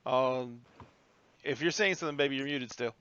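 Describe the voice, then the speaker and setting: A man's voice: medium pitch, normal speed, a bit bright, clean tone, no room sound, muffled recording. A man narrating as game master of a tabletop game, casual and rambling with lots of fillers.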